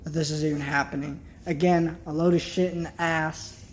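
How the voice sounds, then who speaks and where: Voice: mid-range voice, fairly even intonation, normal speed. Upset vlogger ranting bluntly. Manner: worked up, blunt, swears, trails off into sighs. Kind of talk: casual vlog rant to camera.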